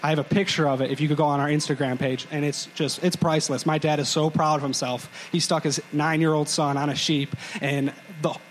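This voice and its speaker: A young man on a live stage sets the scene for a story and drops joking asides as he goes. His voice is somewhat high, with faint background noise in the recording. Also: flat delivery, brisk, hardly any pauses, low-quality recording. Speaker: podcast co-host. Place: live stage before a crowd.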